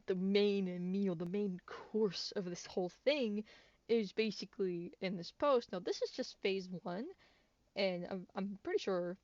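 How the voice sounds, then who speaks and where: A woman's voice: medium pitch, darkish tone, no echo. A woman with a cold hosts a casual gaming news video, her voice stuffy and congested. She rambles, restarts her sentences and giggles often. The recording is dry and a bit dull, like a cheap home mic. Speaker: gaming channel host.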